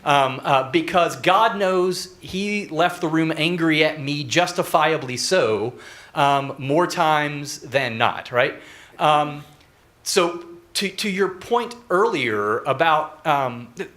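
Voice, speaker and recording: A man's voice: a little high, lively intonation, fairly bright tone. A young man from Northeast Texas who asks a panel a question from the audience and keeps stopping with fillers. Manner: halting, many fillers. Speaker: audience member asking a question.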